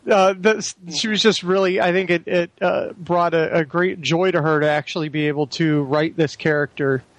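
A man's voice: on the high side, fairly even intonation, normal speed, dry recording. A man in casual chat, agreeable and hesitant with fillers. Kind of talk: casual chat about TV shows.

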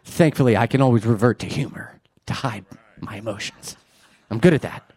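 Pastor, male, 40s. Loose, joking, self-deprecating delivery to a church crowd, middle-pitched voice, dry recording with no room echo. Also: fairly quick, a little mellow, breathy edge. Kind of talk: conversational sermon. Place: church before a congregation.

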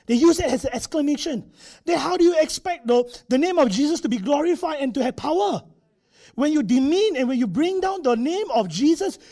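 A male preacher delivers a conversational sermon in a church. His voice is high, husky and dark-toned. He acts out little quotes and drops tag particles as he goes.

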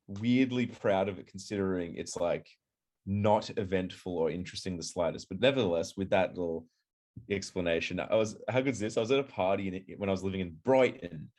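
A man's voice: low voice, darkish tone. A young man in casual chat who tells a rambling story, laughs often and stalls with repeated fillers.

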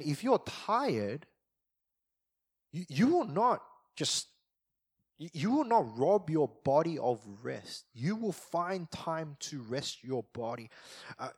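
A man in his thirties preaching a sermon on marriage in a loose, joking, conversational way. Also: medium pitch. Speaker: pastor.

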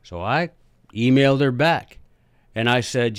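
A man hosting a podcast, telling a story in a chatty, animated way with jokey asides. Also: medium pitch, a little slow, pauses often, clear, resonant tone, dry recording. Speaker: podcast host and teacher. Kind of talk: casual storytelling monologue.

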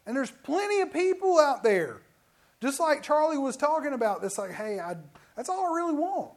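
Pastor with a high-pitched voice, preaching, acts out quotes in his stories. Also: sing-song, moderate pace. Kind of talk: sermon.

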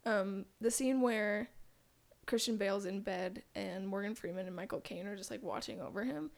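A woman's voice: mid-range voice, moderate pace, vocal fry. A young adult woman co-hosting a podcast, chatting casually and sharing trivia with plenty of fillers. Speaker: podcast co-host. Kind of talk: casual chat.

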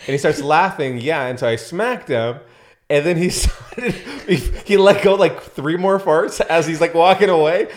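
A man's voice: fairly high pitch, normal speed, a little hiss or hum. A man in his thirties co-hosting a podcast as a father, chatting casually and joking with frequent laughs. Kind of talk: casual chat.

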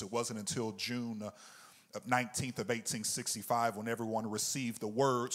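A male pastor preaching a sermon, reading scripture slowly and deliberately, with his voice rising and growing louder on key verses. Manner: slow, deliberate Bible reading that swells louder and higher.

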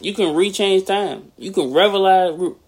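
Animated slangy man with higher voice. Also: normal speed. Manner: loud animated outbursts, slangy. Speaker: podcast co-host. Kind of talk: casual chat.

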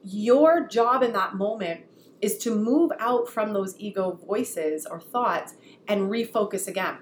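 A woman's voice: mid-range voice, a little slow. A woman co-hosting a podcast, telling a story in casual chat and acting out the voices she quotes. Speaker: podcast co-host. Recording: roomy echo, faint ambient noise.

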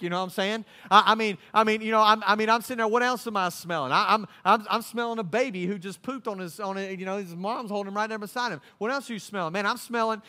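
Animated preacher man with a bright voice. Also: high-pitched, long reverb tail. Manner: animated, casual slang, dramatic storytelling. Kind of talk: sermon.

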